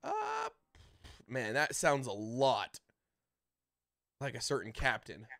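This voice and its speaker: A man's voice: medium pitch, wildly swooping pitch, gravelly, bright, forceful tone. Man narrating as dungeon master. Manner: casual, halting narration with restarts. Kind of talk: narrating a tabletop game. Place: home streaming setup.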